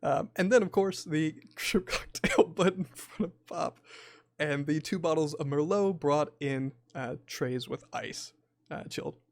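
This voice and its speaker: A man's voice: a little high, no room sound. Man narrating as game master, dry and close. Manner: descriptive, frequent filler pauses. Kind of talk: narrating a tabletop horror game.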